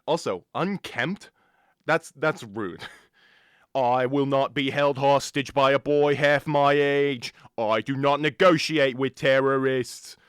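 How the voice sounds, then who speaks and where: A young man voicing the pompous ghost of a late male US president, talking loudly and slowly with grand oratory and an oddly British-sounding delivery, into a studio microphone. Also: mid-range voice, clean tone, dry recording, lightly acted. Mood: indignant. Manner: loud, slow, grandiose oratory. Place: radio studio.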